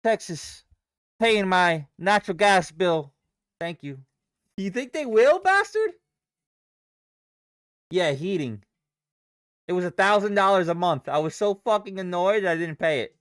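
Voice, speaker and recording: Young man, trading streamer, swears freely, clear smooth voice, dry close mic. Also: high voice, moderate pace, a bit bright, no room sound. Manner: profane, rambling, reacts to chat and charts. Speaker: livestream day trader. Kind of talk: casual live-stream chat.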